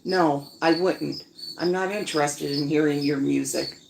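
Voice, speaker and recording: A woman voicing a rude, curt rich man who barks orders in a slow, clipped way. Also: deep voice, gravelly, roomy sound, background noise.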